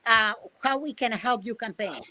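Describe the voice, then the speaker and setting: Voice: mid-range voice, normal speed, sharp tone. A podcast host interviewing a guest, chiming in with brief, eager agreement.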